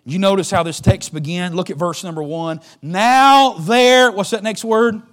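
A male pastor with a high-pitched voice delivers a sermon. He moves between hushed, low stretches and loud, shouted exhortation, and calls on the congregation to answer him. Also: unhurried. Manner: swings from soft and low to loud shouted preaching.

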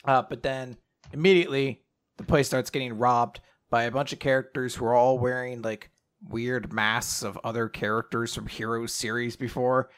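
A young man co-hosting a podcast, casually recapping an anime, animated, swearing and acting out quotes. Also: mid-range voice, normal speed, clear, resonant tone. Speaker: podcast co-host.

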